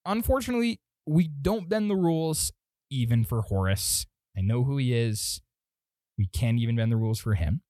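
A man's voice: medium pitch, expressive, moderate pace, mellow, no room sound, studio quality, natural voice. A man voicing a confident male gnome officer in a fancy suit, with a folksy drawl. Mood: breezy. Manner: folksy, drawling, says y'all.

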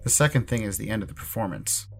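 A man narrating a horror story in a measured, ominous way. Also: on the low side, animated, gravelly, soft background music.

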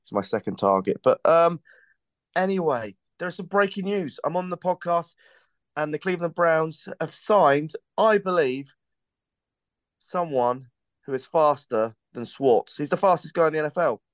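A man's voice: fairly high pitch, animated, moderate pace, dry recording. A man hosting a podcast, chatting casually and joking in a rambling, friendly way. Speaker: podcast host.

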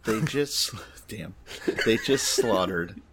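A man's voice: on the low side, animated, slow, noisy background. A man co-hosting a comedy podcast, commenting bluntly and sardonically with frequent swearing. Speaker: podcast co-host. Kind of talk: irreverent comedy chat.

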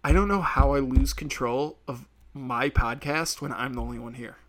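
A podcast host rants solo in a middle-pitched, fairly bright voice, rambling, swearing often and laughing at his own jokes. Now and then he bursts into quick impressions, acting out the people he quotes.

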